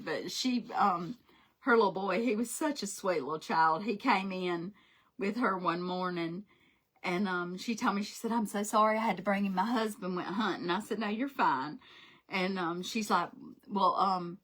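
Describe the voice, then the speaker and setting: Crafting live, a woman chats casually and tells stories, laughing frequently as the stream's host. She has a husky, mid-range voice with a fairly bright tone.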